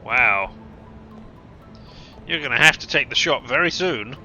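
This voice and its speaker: A male streamer with a very bright, sharp voice chats wryly over his playthrough. He jokes and mulls choices aloud while faint game music runs behind him. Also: mid-range voice, expressive, unhurried, dull audio. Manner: wry, joking. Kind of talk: casual game commentary.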